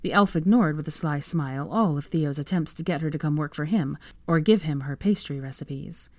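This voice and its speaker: A woman reading fan fiction aloud as an audiobook, with measured, plain storytelling. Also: low-pitched, darkish tone, no echo. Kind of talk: audiobook narration.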